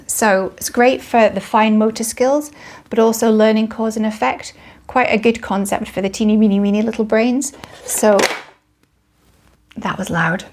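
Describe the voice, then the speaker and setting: A woman's voice: fairly high pitch, background noise. A woman in her thirties with a British accent, chatting casually to camera about toys, frank, with many ums and self-corrections. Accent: British English. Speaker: parenting vlogger. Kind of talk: casual toy review to camera.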